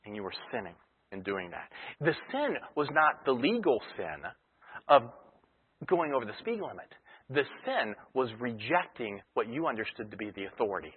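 A man's voice: medium pitch, very animated, normal speed, breathy edge. A male pastor preaching a sermon in a conversational teaching style, using everyday illustrations, heard over a tinny broadcast line. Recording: tinny phone-like radio broadcast.

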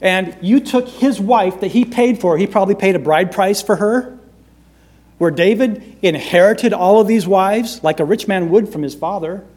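High-voiced dramatic male preacher. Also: normal speed. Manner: dramatic, shifts between loud emphasis and hushed delivery. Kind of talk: sermon.

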